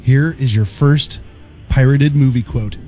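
A man's voice: medium pitch, measured pace, warm tone, soft background music. A man co-hosting a morning radio game show, joking around and tossing in pirate growls. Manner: playful, jokey, drops in pirate growls.

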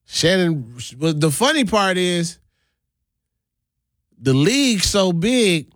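Animated man chatting on a live stream. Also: slow, no echo, clean studio sound. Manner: animated, swings pitch widely, laughs often. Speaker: livestream host. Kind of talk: casual live-stream chat.

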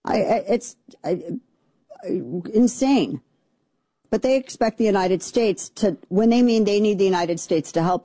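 A woman's voice: lowish voice, warm tone, no room sound. A woman hosting a political commentary show, talking in an indignant, exasperated way with many restarts. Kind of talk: opinionated commentary monologue.

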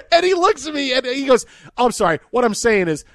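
Man, sports radio host, high voice, dry studio sound, animated storytelling. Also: fairly quick, no echo. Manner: animated, rambling with restarts and laughs. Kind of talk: casual sports talk and storytelling.

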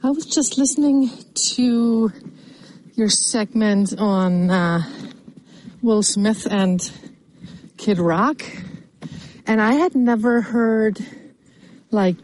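A woman's voice: a little high, extremely slow, pauses often, darkish tone, a little hiss or hum, poor audio. A woman from California, a bit out of breath, leaving a chatty, musing phone message for a radio show while outdoors in the woods. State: slightly out of breath. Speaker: listener calling in. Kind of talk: recorded listener voice message. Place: outdoors in the woods, walking dogs.

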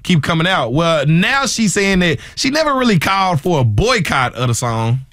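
A man with a fairly high voice runs down the news on the radio, brisk and matter-of-fact. He sounds close and dry. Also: big pitch swings, fairly bright tone, dry recording. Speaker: radio co-host. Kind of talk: news rundown chat.

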